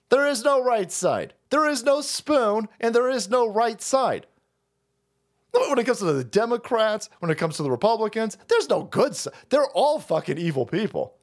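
Man, high voice, swooping lively delivery, profane livestream rant. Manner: profane, excitable, laughs between remarks. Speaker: streamer. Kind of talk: ranting livestream commentary.

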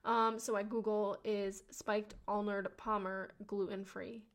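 Chatty young woman podcaster, slangy and animated. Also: unhurried, a little hiss or hum. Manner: chatty and animated, slangy, swears, acts out quotes with big pitch jumps. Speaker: podcast host. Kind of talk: casual storytelling monologue.

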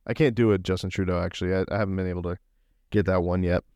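A man's voice: low-pitched, steady tone, rapid-fire, darkish tone, no room sound, clean studio sound. A young man bantering in a casual comedic way, rambling and laid-back, saying "dude" constantly.

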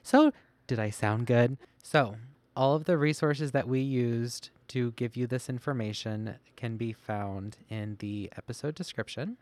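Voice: medium pitch, a little slow, darkish tone, no echo. A podcast co-host reading research notes from a phone, with self-deprecating, chatty asides. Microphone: podcast mic, masked.

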